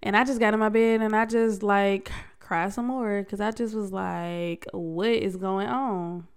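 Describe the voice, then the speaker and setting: A woman's voice: mid-range voice, fairly even intonation, normal speed, clear, resonant tone. A young adult woman hosting a solo podcast, talking candidly in a slangy, conversational way with frequent restarts. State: congested. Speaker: podcast host. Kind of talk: casual solo podcast talk.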